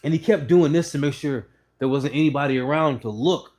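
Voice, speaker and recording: Guy on his couch going off, cussing, animated storytelling, warm mellow voice. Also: a little high, fairly quick. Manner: blunt, profane, animated storytelling. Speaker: channel host. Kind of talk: casual opinion monologue. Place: indoors, sitting on a couch.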